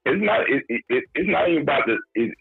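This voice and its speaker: On a husky, phone-like line with faint music behind him, a podcast co-host talks sports in a fairly high, lively voice, fast and dry. He lectures emphatically about football, hammering his points home again and again.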